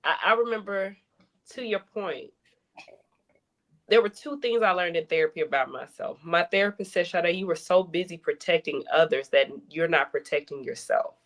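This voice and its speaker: A woman's voice: lowish voice, moderate pace, fairly bright tone. A woman in a casual group chat telling a candid personal story and acting out quoted dialogue. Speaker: panelist.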